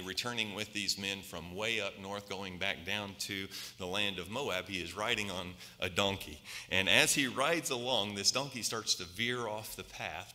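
Bright-voiced preacher in a reverberant church. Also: male voice, on the low side. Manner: storytelling, rhetorical questions, homely examples. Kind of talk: Sunday sermon. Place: church sanctuary.

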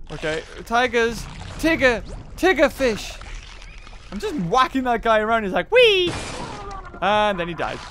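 A woman hosting a let's play, excitable, muttering low then bursting into loud outbursts. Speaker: gaming channel host. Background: game music.

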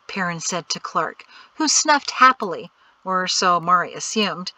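A woman narrating an audiobook in a clear, steady storytelling way. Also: fairly low pitch, measured pace, few pauses, poor audio.

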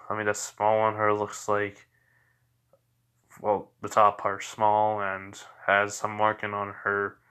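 A man's voice: on the low side, fairly bright tone, clean tone. Young man, casual fan-fiction storyteller, rambling, lots of fillers, self-correcting, informal.

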